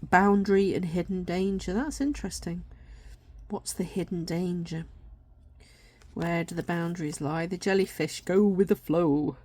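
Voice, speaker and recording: Gentle, musing woman, low voice. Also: moderate pace. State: tired, yawning. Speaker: tarot and oracle deck reviewer. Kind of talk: casual deck walkthrough.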